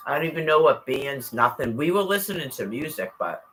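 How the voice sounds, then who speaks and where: A man's voice: on the high side, very animated, fairly quick, fairly bright tone, poor audio. Rambling, foul-mouthed man. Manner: rambling, profane, full of fillers. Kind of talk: casual storytelling chat.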